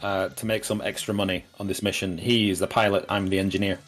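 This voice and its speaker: A man's voice: sits low, level tone, quick pace, a bit bright, faint music behind. A man voicing a protective elderly male engineer travelling with his grandson in a tabletop game. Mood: earnest.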